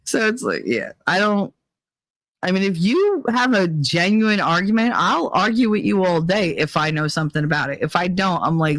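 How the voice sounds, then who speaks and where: A woman's voice: on the low side, expressive, moderate pace, a bit bright, no echo. A woman hosting a livestream in casual chat, blunt and rambling, swearing freely. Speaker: livestream host.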